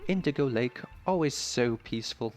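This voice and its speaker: A man's voice: mid-range voice, animated, normal speed, darkish tone, soft background music, natural voice. A man voicing a woman dojo master with a put-on British accent, speaking in a gracious, slightly formal way.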